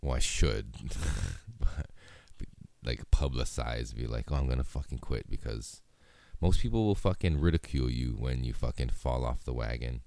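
A man's voice: a bass voice, animated, a little slow, mellow, no room sound. A young man hosting a solo podcast, talking in a laid-back, rambling way and swearing constantly. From Hawaii. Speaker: podcast host. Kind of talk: casual solo podcast chat.

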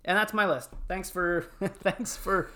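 A man in casual podcast chat, telling film moments with lots of fillers and animated retellings. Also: high voice, unhurried. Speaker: podcast panelist.

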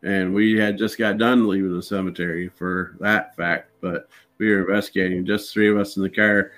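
Low-voiced man telling ghost stories. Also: normal speed. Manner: relaxed anecdotal storyteller, acts out dialogue. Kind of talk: casual storytelling in an interview.

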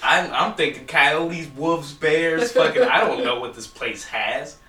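A man's voice: a little high, unhurried, pushed and bright. A young man telling a rambling, profanity-filled story in casual chat with friends. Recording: echoey room from far off.

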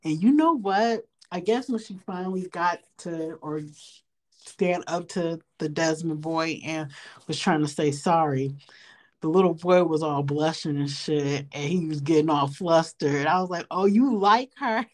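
A woman's voice: low voice, a little slow, a little mellow. A young woman co-hosting a podcast, laid-back and swearing casually as she chats. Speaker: podcast co-host. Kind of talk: casual chat.

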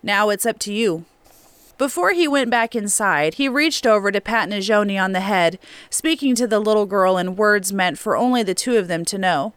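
The smooth, resonant voice of a woman narrating an audiobook in a steady storytelling manner. It is recorded close and dry, with no room sound. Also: mid-range voice, moderate pace, no room sound. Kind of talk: scripted narration. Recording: clean dry studio recording.

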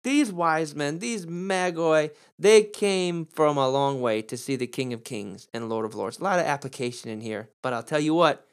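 A man, a pastor, teaching through a Bible passage on his podcast in a lively, emphatic preaching manner. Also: fairly high pitch, normal speed, hardly any pauses, smooth. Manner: animated preacher, rising emphasis on key words.

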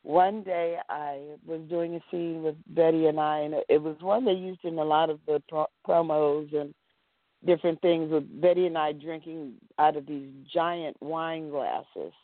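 A woman, an actress guest in an interview, telling animated stories and acting out what people said. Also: deep voice, a little slow, dry recording. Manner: animated storyteller acting out quotes. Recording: dry, tinny phone-like line.

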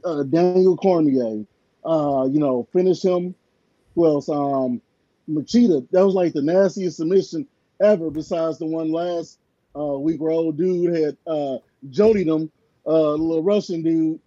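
High-voiced man in dry, dull sports chat. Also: a little slow, dry recording. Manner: rambling, animated storytelling with filler words. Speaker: sports podcast co-host.

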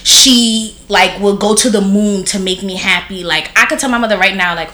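A woman's voice: medium pitch, normal speed, pushed and bright. A woman in her thirties telling family stories in casual chat. She is blunt and profane and says "like" constantly. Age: 30s. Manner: blunt, profane, heavy use of filler "like". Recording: roomy echo.

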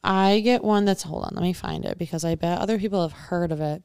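A woman's voice: on the low side, fairly quick, few pauses, darkish tone, clean tone, no echo, studio quality. A young woman co-hosting a podcast, chatting casually and rambling with lots of "like" and restarts. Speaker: podcast co-host. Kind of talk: casual chat. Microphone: podcast mic.

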